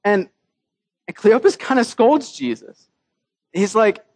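A man's voice: high-pitched, animated, slow pace, pauses often, a little mellow, no echo. A man preaching a sermon in a casual, joking way, with his own scripture readings mixed in. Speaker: pastor.

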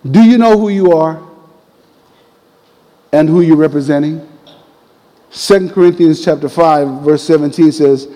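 A man preaching a sermon, telling a personal story in a conversational, animated way. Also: sits high, in a large hall, poor audio. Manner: conversational, animated retelling with quoted voices.

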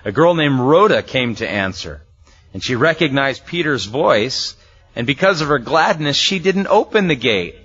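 A man's voice: mid-range voice, big pitch swings, normal speed, a bit bright, husky. A man preaching in a conversational way, teaching through a Bible passage verse by verse and acting out the people in the story. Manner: conversational, acts out quoted voices, chuckles often. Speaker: pastor. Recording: muffled lo-fi sermon recording.

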